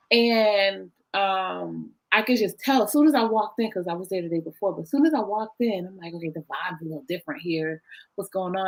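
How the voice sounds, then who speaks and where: A young adult woman telling a story as an interview guest, animated and playing out her own quoted lines over a video call. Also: mid-range voice, poor audio.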